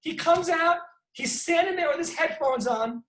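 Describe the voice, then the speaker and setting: A man hosting a casual sports debate, telling stories with lively energy and frequent restarts. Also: very high voice, moderate pace, reverberant, low-quality recording. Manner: animated storyteller, frequent restarts. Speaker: sports debate show host.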